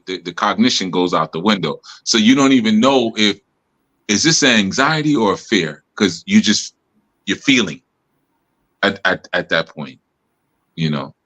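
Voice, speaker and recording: Deep-voiced man in a reflective talk. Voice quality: deep bass voice. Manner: relaxed, reflective, many "you know" asides. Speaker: spiritual teacher and host. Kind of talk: casual teaching talk. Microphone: live stream mic.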